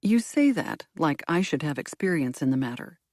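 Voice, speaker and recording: A woman's voice: low-pitched, very animated, moderate pace, darkish tone, no echo. A woman doing a wry male detective. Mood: teasing. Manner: dry, teasing. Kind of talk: audiobook character voice.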